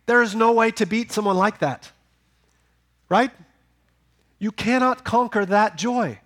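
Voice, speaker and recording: A man preaching a sermon in a slightly higher-pitched voice. He swings between loud, emphatic peaks and low, quiet drops. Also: measured pace. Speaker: pastor.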